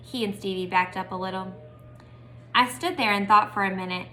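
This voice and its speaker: A woman's voice: mid-range voice, a little fast, bright, forceful tone. A woman casually reading a children's book aloud with friendly, chatty asides. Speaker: storybook reader. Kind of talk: casual read-aloud storytelling.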